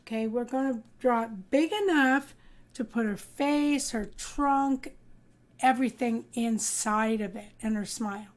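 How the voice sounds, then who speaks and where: Woman, kindergarten teacher, high voice, unhurried pace, sing-song storybook reading. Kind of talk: storybook reading and drawing lesson for young children.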